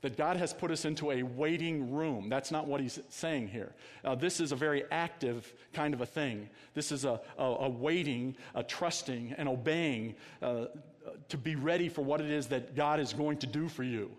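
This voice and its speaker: Male pastor, conversational sermon delivery, asks the congregation questions, goes quiet for emphasis; reverberant sanctuary sound. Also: medium pitch, moderate pace, few pauses.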